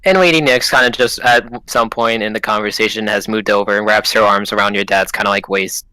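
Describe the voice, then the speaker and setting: A man narrating as game master of a tabletop role-play, in a relaxed, rambling way. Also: on the low side, fairly quick, clean tone, no echo, low-quality recording.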